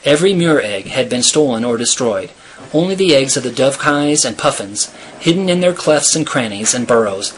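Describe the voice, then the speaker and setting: Husky man reading a story aloud. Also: mid-range voice, a bit bright. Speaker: reader.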